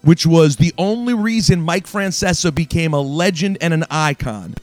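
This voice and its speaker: A man's voice: fairly high pitch, animated, normal speed, darkish tone, no echo, soft background music. Emphatic, ranting sports radio host, a man. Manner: emphatic, ranting, addresses listeners directly. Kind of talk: opinionated talk radio monologue.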